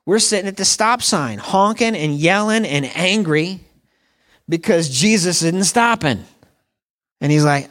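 A man's voice: sits high, lively intonation, unhurried, fairly bright tone. A man preaching a sermon in a conversational storytelling way, often checking in with the listeners. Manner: conversational storytelling with frequent "right?" asides. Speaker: pastor.

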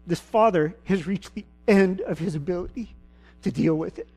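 Brief: male preacher, high-pitched voice, casual folksy sermon storytelling. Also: normal speed, a little mellow, soft background music. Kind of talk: sermon retelling a Gospel story.

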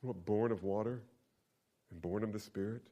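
A middle-aged man preaching a sermon. He repeats key lines for emphasis and swings between loud and hushed. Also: on the low side, moderate pace. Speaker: pastor.

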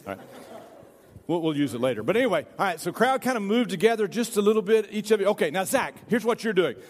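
A man's voice: sits high, very animated, fast talker. A man, a pastor giving a sermon in a church, reading scripture and then playfully directing volunteers in a skit. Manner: playful, jokey, hurries volunteers along. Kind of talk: sermon with a staged reenactment. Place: church sanctuary. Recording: reverberant church hall.

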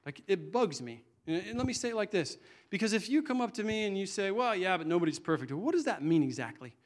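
A man's voice: high voice, sing-song, quick pace. A middle-aged man preaching a sermon in an earnest, conversational way, often restarting his sentences.

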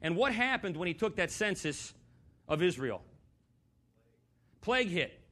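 A man's voice: sits high, big pitch swings, measured pace, a bit bright. A man preaching a sermon in a church, talking conversationally, putting questions to the congregation and slipping in dry, sarcastic humor.

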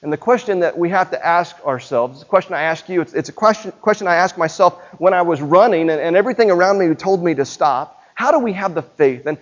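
A man's voice: fairly high pitch, muffled recording. A man preaching a sermon in a church as pastor, talking with the congregation and putting questions to them directly.

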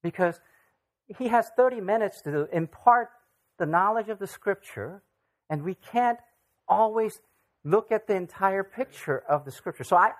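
A visiting Bible teacher leading a casual church study, speaking haltingly with frequent fillers and often checking in with the group. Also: medium pitch, expressive. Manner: halting, many fillers, keeps checking in with "okay?". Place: church gathering.

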